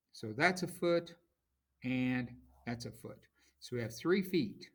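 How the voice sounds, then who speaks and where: A man teaching a class, explaining terms slowly and reading out examples with marked stress. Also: fairly high pitch, a bit bright. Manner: slow, explanatory, reads examples aloud with stress. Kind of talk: classroom lecture.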